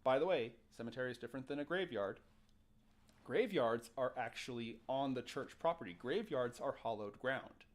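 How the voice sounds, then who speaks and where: A man's voice: mid-range voice, normal speed. A man hosting a casual show, telling a ghost story with jokes and acted-out quotes. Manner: animated, jokey, acts out quotes. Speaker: podcast host.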